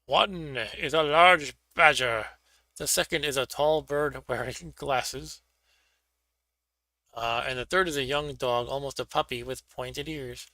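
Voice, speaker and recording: A man's voice: mid-range voice, unhurried, pushed and bright, no room sound. A man hosting a stream, reading a gamebook aloud and joking casually between passages. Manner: offhand, joking. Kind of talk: casual chat and read-aloud narration.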